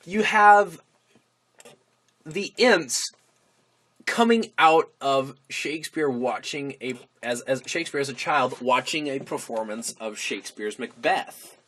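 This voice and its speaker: A man's voice: mid-range voice, animated, slow, a bit bright. A young man co-hosting a podcast, chatting casually and telling rambling, enthusiastic stories. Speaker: podcast co-host. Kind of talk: casual chat.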